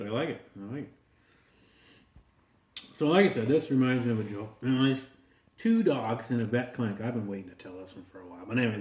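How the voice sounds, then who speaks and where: A man's voice: mid-range voice, darkish tone. A man hosting his own beer-tasting channel, chatty and easygoing as he reviews a beer and sets up a joke. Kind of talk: casual beer-review vlog with jokes. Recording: roomy echo.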